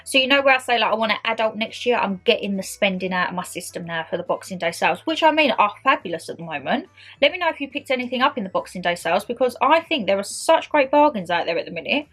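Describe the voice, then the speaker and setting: A woman's voice: medium pitch, lively intonation, fast, a bit bright, soft background music. A woman in her twenties chatting casually to camera in a year-end vlog, bubbly and friendly, calling her viewers "my lovelies". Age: 20s. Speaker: YouTuber.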